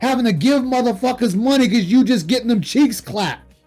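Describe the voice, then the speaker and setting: High-voiced man on a profane stream rant. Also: animated, brisk, soft background music. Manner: profane, scornful, shouting in bursts. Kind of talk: heated late-night stream rant. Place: home streaming setup.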